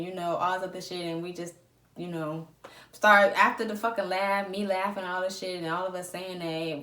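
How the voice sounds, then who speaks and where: A woman vlogger telling a story in a lively, profane storytime style. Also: mid-range voice. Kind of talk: storytime vlog. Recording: roomy echo.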